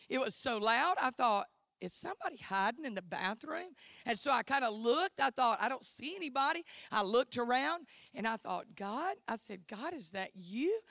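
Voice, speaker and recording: Bright high woman preaching. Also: no echo, clean studio sound. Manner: fervent, exclaiming hallelujah and amen. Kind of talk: sermon testimony. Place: church.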